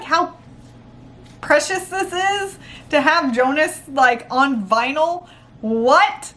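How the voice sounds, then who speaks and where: A young woman filming an unboxing vlog, gushing and squealing with excitement, rambling with fillers. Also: sits high, slow pace. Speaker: vlogger.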